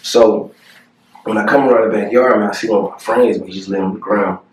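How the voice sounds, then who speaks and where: A low-voiced man telling a painful story. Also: steady tone, distant mic. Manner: earnest, halting, emotional retelling with many fillers. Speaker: family vlogger. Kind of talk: personal storytelling to camera. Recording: echoey room, voice a bit off-mic.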